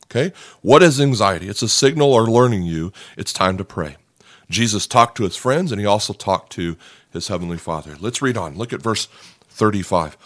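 A man's voice: lowish voice, animated, normal speed, fairly bright tone, dry recording. Earnest male pastor preaching, dry sound. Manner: earnest and conversational, repeats words, often asks "okay?". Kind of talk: sermon. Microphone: podcast microphone.

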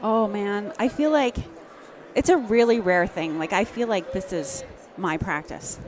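A woman's voice: mid-range voice, unhurried, darkish tone. A woman dental office manager chatting casually, laughing often and telling stories animatedly. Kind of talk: casual chat. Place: conference booth.

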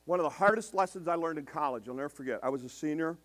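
An older man preaching in a storytelling way, emphatic and slowing down to stress his points. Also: a little high, a bit bright. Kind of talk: storytelling sermon.

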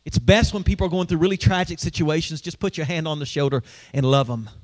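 A man's voice: fairly high pitch, fast. A male pastor preaching a sermon in a church, in a conversational way, asking the congregation questions.

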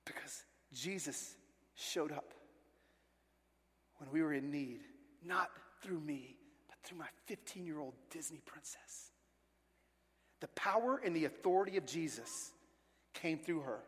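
A man in his forties preaching a sermon as pastor, telling family stories with lively acted-out voices. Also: fairly high pitch. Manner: animated storytelling, acting out family voices. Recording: long reverb of a large hall.

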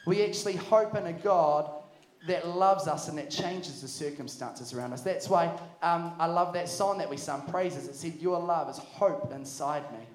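A young man preaching to a youth camp, energetic and jokey. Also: a little high, normal speed. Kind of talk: sermon. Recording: echoey hall.

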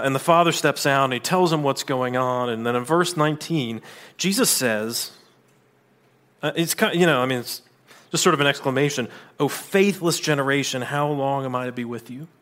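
A man preaching a sermon in a conversational manner, with asides and quick restarts. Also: mid-range voice, fairly bright tone. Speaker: pastor.

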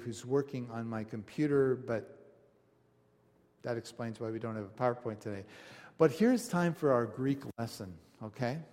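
A man preaching a conversational sermon, telling stories with animated asides to his congregation. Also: medium pitch. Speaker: pastor. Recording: long hall reverb.

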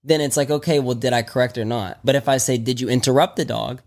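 A man's voice: medium pitch, steady tone, quick pace. A man chatting casually as a dog trainer on a podcast, loose and rambling with many restarts. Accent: Texan.

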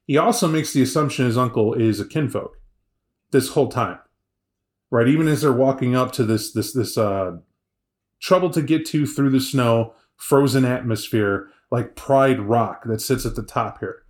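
A man's voice: mid-range voice, moderate pace, echoey room. A man co-hosting a podcast review, making emphatic points and checking in with "right?" as he goes. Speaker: podcast co-host. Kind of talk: casual review chat.

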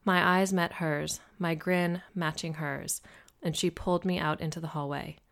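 A woman narrates a novel in the first person with a steady, measured delivery. Her voice sits fairly low and carries a gravelly fry. The reading has a calm audiobook pace.

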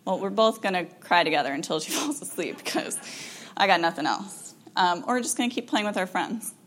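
A woman counselor giving an informal talk to parents, chatty and animated, with frequent ums and laughs, acting out what parents and children say. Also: lowish voice, a little fast. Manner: animated, acts out quoted parent and child lines.

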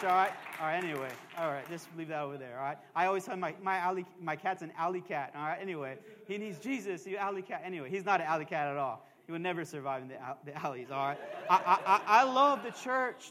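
High-voiced male pastor preaching in a reverberant church. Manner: emphatic preaching with call-and-response asides; joking, conversational asides. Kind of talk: sermon. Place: church sanctuary. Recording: long reverb of a church hall.

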